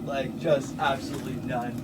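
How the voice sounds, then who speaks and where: A man's voice: mid-range voice, fairly even intonation, normal speed, very noisy. A man vlogging in his workshop while he works, joking around, exclaiming often and swearing a lot. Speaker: swordsmith. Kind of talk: casual workshop vlog.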